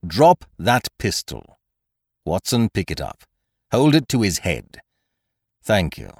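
A man doing a cool, commanding detective, clipped and cold, his lowish voice kept firm and level. It sits close and dry against the mic, with no room around it. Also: huge pitch swings, takes it slowly, no echo, exaggerated voice. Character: cool, commanding male detective, middle-aged.

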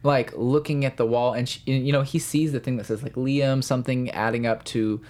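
Man, podcast co-host, casual recap chat, animated, mid-pitched voice. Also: fairly quick. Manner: animated, acts out characters' lines in quotes.

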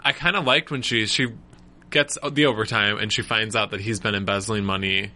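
Guy cohosting a tv recap podcast, bright punchy voice, easy chat. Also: on the low side, steady tone, brisk. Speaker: podcast co-host.

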